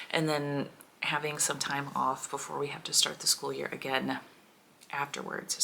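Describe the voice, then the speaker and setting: A woman in her thirties shares personal news in a heartfelt vlog. Her voice is low and fairly even, soft and emotional, with a gentle, prayerful tone. Faint room ambience sits behind her. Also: slight background noise. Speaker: homeschooling mom vlogger.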